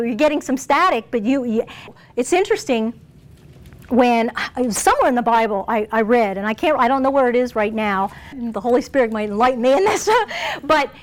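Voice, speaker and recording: A woman preaching a sermon in a conversational way, laughing often and acting out quoted lines. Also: fairly high pitch.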